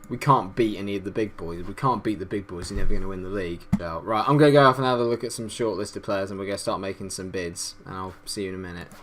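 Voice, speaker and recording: A young man with a lowish voice talks over his football management game in a casual let's-play. He reacts loudly, swearing at missed chances and chatting through his plans. A faint hum sits under the voice. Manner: excitable, swearing, frustrated outbursts. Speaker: gaming YouTuber.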